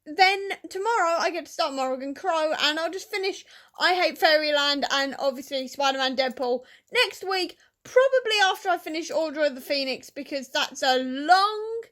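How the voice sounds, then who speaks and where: A woman's voice: high voice, animated, moderate pace, a bit bright. A woman chatting casually in a book vlog, emotional and rambling, often laughing at herself. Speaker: book vlogger.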